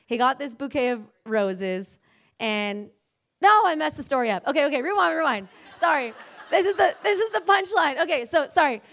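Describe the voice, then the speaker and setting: A woman's voice: high-pitched, expressive, moderate pace, fairly bright tone, some chatter behind. A woman telling a faith-based story in a casual, rambling way, full of fillers and self-corrections, acting out the quoted voices.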